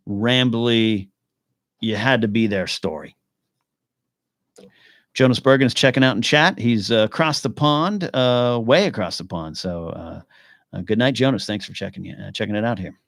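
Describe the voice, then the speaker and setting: A man hosting a live podcast in casual chat, answering questions from viewers as he goes. He rambles, restarts and thinks out loud, and his voice sits mid-range. The sound is dry and close. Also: mid-range voice, dry recording. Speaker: podcast host.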